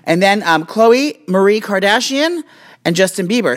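A woman's voice: medium pitch, expressive, normal speed. Tipsy woman rambling through celebrity facts. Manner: rambling, reads aloud with fillers and restarts. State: tipsy, hiccuping. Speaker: vlog host reading celebrity facts. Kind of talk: casual chat. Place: home, indoors.

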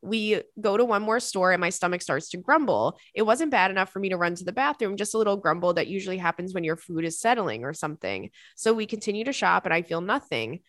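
A woman's voice: medium pitch, lively intonation, quick pace, few pauses, no echo, clean studio sound. A woman hosting a podcast, reading a listener's story aloud and reacting with laughter and dramatic asides. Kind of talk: casual chat.

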